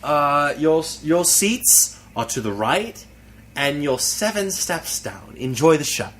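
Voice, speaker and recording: A man's voice: a little high, sing-song, fairly bright tone, a little hiss or hum, pitched above the performer's own voice, heavily acted. A man putting on an English accent to play a polite male theater usher. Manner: slow, careful, overly polite.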